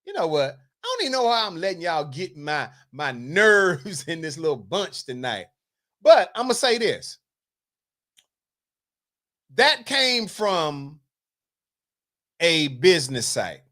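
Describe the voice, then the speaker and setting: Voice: mid-range voice, very animated, slow pace, long pauses, fairly bright tone. A host from the Carolinas reads viewer comments aloud on a livestream, teasing and scolding the chat in a loose, chatty way. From North Carolina, US South.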